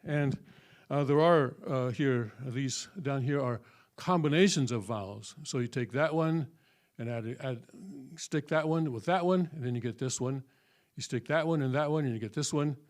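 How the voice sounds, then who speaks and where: A man's voice: mid-range voice, moderate pace. A man giving a patient, step-by-step classroom lecture at a church, with many fillers and frequent check-ins with his listeners. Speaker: church teacher. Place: church hall.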